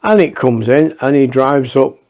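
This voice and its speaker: A man's voice: mid-range voice, moderate pace, a little mellow. Rambling, profane man. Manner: rambling and profane, with many restarts. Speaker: storyteller. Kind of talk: casual anecdote.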